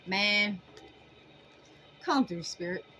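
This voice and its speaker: A woman giving a casual tarot reading to her viewers in an animated, emphatic way, often laughing. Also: mid-range voice, very slow, a little hiss or hum, rough recording. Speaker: tarot reader.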